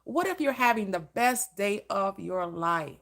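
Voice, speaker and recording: A woman's voice: mid-range voice, expressive, a little slow, fairly bright tone. A woman giving a preacher-style motivational talk about manifesting, emphatic and full of repetition. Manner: emphatic, preacherly, swings into acted quotes and repetition. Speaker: manifestation teacher.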